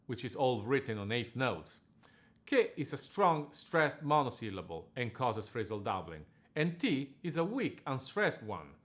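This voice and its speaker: Measured male diction coach. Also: mid-range voice. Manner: measured, precise explanations. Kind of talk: scripted instructional narration.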